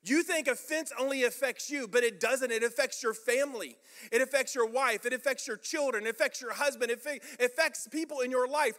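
A man's voice: very high voice, sharp tone. A man preaching a sermon as pastor, emphatic and rhetorical, repeating phrases for effect.

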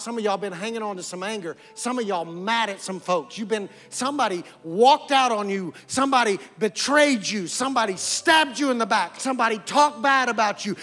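Man, pastor, sermon, repetitive preaching cadence, high bright voice, long hall reverb, faint music. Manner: repetitive preaching cadence, rising to emphatic calls. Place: church sanctuary.

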